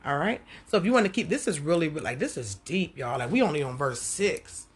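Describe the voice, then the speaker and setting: Brief: woman, husky voice, relaxed home Bible-study podcast, lively and chatty delivery. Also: sits low, a little fast. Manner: animated, conversational, talks to listeners directly. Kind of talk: casual devotional teaching.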